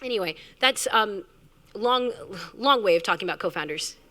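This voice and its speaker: A woman startup founder telling a candid, animated story on stage at a live event, acting out the people she quotes. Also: medium pitch, normal speed. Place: event venue, amplified on stage. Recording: reverberant event hall.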